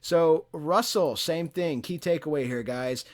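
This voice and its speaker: A man's voice: fairly high pitch, a little slow. A middle-aged man hosting a market analysis show, talking viewers through trading charts in a chatty way with joking asides. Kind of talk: casual trading chart commentary.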